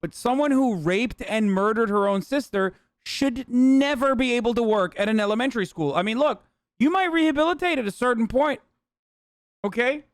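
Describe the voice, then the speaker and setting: A man's voice: very high voice, moderate pace, clean tone, no echo. A man streaming casual reaction commentary, blunt and profane, talking into a close mic. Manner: blunt and profane, with mock accents.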